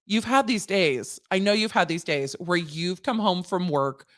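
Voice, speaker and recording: A woman's voice: on the low side, measured pace. A woman lawyer hosting a casual legal commentary livestream, chatty and digressive, laughing at her own jokes.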